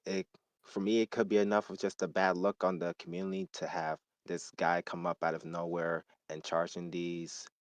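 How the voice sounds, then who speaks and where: Man with a very low voice, heated emphatic rant, dry close sound. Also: no room sound. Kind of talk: casual gaming discussion.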